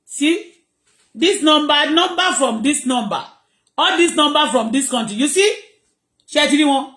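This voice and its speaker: A woman's voice: high voice, expressive, normal speed, echoey room. A Nigerian woman vlogging from home, ranting emphatically and repeating herself as she switches between Pidgin, English and Yoruba. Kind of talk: ranting monologue to viewers.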